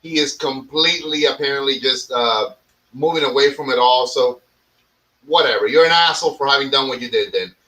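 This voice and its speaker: Blunt bright-voiced man talking cigars. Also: mid-range voice, brisk, distant mic, poor audio. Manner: blunt, profane, repeats words when starting. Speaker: cigar podcast host. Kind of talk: casual opinion chat.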